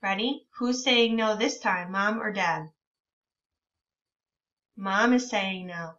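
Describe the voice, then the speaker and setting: A woman teacher leading a reading lesson for young children, encouraging them and reading words out very slowly. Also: medium pitch, fairly bright tone, far from the mic. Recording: dull lo-fi sound from a bit away from the mic.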